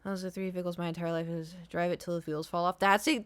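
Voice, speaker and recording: A young woman chats her way through a long story on a live stream, wandering off track as she talks. Her voice sits a little low, and the sound is close and dry, with no room around it. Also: fast, hardly any pauses, clear, resonant tone, no room sound. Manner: rambling and chatty, with many fillers. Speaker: livestreamer. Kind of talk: casual chat on a live stream.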